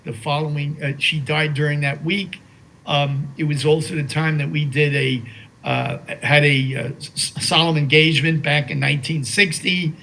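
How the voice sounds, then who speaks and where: An older man speaking as an interview guest, remembering his late wife with emotion, halting over fillers and restarts. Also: fairly high pitch, flat delivery, creaky, pushed and bright, poor audio. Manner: slow and reverent while reading a poem aloud.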